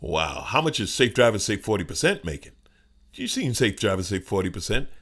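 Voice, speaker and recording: A middle-aged man with a smooth voice, hosting his own podcast as a joking, conversational comedic monologue. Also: very animated, fairly quick, a bit bright. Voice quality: smooth deep voice. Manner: joking, conversational, playful asides.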